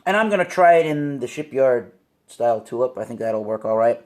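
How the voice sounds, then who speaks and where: A man's voice: mid-range voice, lively intonation, fairly quick, a little mellow. A man hosting a casual home beer review, talking animatedly and exclaiming at surprises. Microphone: phone or camera mic.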